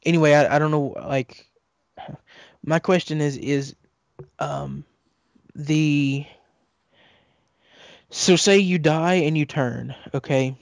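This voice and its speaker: A man co-hosting a casual podcast chat, halting and restarting his sentences and laughing often. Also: fairly high pitch, fairly even intonation, gravelly, dry recording. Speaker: podcast co-host.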